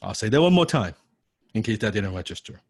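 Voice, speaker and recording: Blunt, cursing male coach, lower voice. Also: very animated, brisk, breathy edge, no echo. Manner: blunt, profane, keeps asking "right?"; repeats key lines for emphasis. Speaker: copywriting coach. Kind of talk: live online coaching class.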